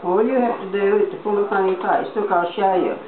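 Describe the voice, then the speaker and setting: A woman's voice: mid-range voice, fast talker, natural voice. An older woman voicing a naughty, playful young male monkey in a storybook read-aloud, in a cheeky, teasing manner. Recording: echoey, tinny, crowd behind.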